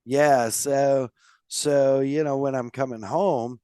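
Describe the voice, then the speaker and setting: A man hosting a casual podcast chat, with a slightly nasal voice and a relaxed, rambling way of talking full of fillers. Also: mid-range voice, takes it slowly, clear, resonant tone, no room sound, clean studio sound. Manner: laid-back, rambling with many fillers. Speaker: podcast host.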